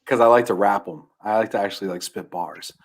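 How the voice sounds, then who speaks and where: Animated man retelling a children's book. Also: on the low side, brisk. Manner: animated storyteller, trails off into mumbles. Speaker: podcast guest. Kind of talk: casual chat.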